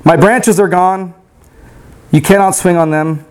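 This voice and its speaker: Brief: tender motherly apple tree in a storybook, read by a man, high and soft. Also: fairly even intonation, measured pace, smooth. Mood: sorrowful. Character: gentle self-giving female apple tree.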